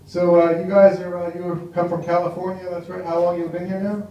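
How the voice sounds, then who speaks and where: A man's voice: high voice, level tone, brisk, dull audio. An American man performing a stand-up comedy set in a small café bar, chatting wryly with the crowd. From United States. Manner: wry, chatty crowd work. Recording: echoey room from far off, faint noise.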